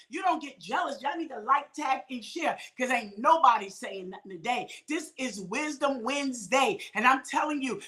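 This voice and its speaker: A woman minister, preaching to an online audience in call-and-response style, breaking into shouts and drawing phrases out slowly. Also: sits high. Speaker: minister hosting a midday talk.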